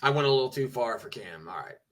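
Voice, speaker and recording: A man's voice: mid-range voice, expressive, fast, fairly bright tone. A man streaming, ranting with petty indignation, swearing and mocking others. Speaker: streamer reacting to clips. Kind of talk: ranting commentary.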